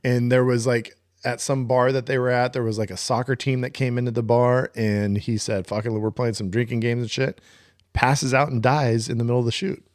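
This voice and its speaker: Man, podcast co-host, casual, relaxed, swears, dry sound. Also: medium pitch, fairly quick, few pauses, no echo. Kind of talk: casual chat.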